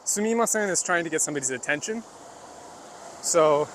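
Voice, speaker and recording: A man's voice: on the high side, expressive, brisk, background noise. A man livestreaming while walking outdoors, chatting loosely with his viewers and demonstrating phrases. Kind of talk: casual livestream chat while walking, answering chat. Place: outdoors, rural path near woods.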